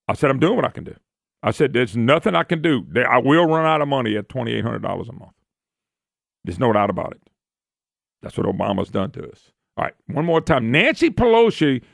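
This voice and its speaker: A man's voice: mid-range voice, vocal fry, no echo. A man hosting a talk radio show, delivering an opinionated monologue on a studio microphone, indignant and mocking and often repeating phrases.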